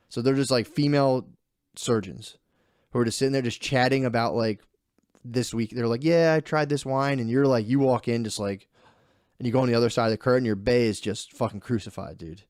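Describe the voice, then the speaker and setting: A man's voice: mid-range voice, a little mellow, no room sound, clean studio sound. A young man co-hosting a podcast, telling a story in a loose, rambling way, swearing and laughing often. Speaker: podcast co-host. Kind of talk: casual chat.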